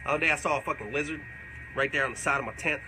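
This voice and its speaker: A man's voice: fairly high pitch, very fast, noisy background, lightly acted. A man playing a crude rambling backwoods man. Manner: profane, rambling, boastful drawl. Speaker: comedic character. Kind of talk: live comedic Q&A in character.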